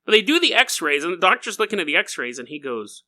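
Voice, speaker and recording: A man hosts a comedy podcast and spins goofy stories, laughing as he goes. His voice is high and very bright. His pitch swoops around with a lot of energy. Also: normal speed. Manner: goofy and animated, laughing as he talks. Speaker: podcast host. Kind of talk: comedic storytelling monologue.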